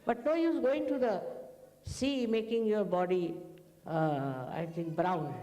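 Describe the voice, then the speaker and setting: A woman's voice: medium pitch, slow pace, warm tone. A woman spiritual teacher giving a rambling, anecdotal talk to her followers, acting out bits of dialogue. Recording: long echo of a large hall.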